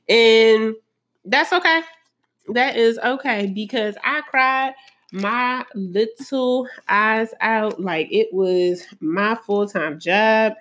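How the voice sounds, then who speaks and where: A woman's voice: fairly high pitch, slow, a bit bright. A woman talking to camera about her own hard times, earnest and emotional, with lots of casual fillers. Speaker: vlogger sharing personal story. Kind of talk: candid personal talk to camera.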